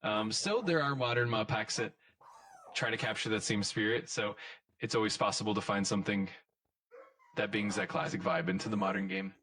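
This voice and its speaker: A man's voice: lowish voice, normal speed, a bit bright, far from the mic. A synthetic male voice acting as an AI chat assistant, talking in an upbeat, agreeable and eager-to-help way. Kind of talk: conversational chat answers.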